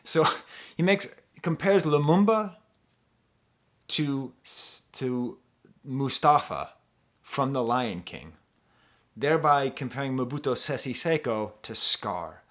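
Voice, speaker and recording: A man's voice: medium pitch, animated, takes it slowly, pauses often, a bit bright. An American man talking casually as an album reviewer, enthusiastic and full of asides as he explains lyrics. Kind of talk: casual music review talk.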